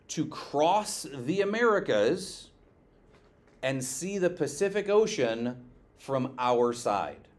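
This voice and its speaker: A male teacher giving a classroom lecture, lively, quizzing his students and checking in with "okay" often. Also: on the high side.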